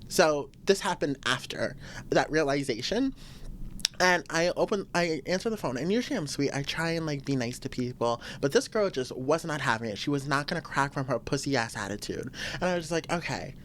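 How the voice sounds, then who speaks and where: A woman's voice: sits low, animated, fairly quick, a little hiss or hum. A woman hosting a podcast on her own, venting in a blunt, profane, emphatic way. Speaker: podcast host. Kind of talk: casual solo podcast venting.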